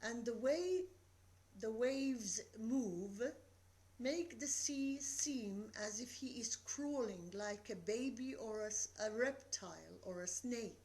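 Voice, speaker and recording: A woman giving a recorded literature lecture, reading verse slowly and deliberately and explaining it. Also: on the high side, expressive, a little mellow, poor audio.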